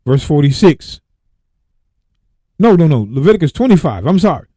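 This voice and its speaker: A man hosting a Bible radio show, reading verses slowly and then breaking off to exclaim and repeat his points. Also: a little high, sing-song, mellow, dry recording. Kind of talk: Bible teaching with scripture reading.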